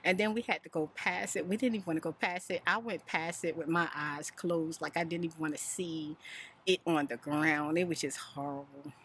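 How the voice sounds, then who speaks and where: Chatty soft-spoken middle-aged woman. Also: sits low, normal speed, slight background noise. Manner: rambling, chatty, animated storytelling. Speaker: vlogger.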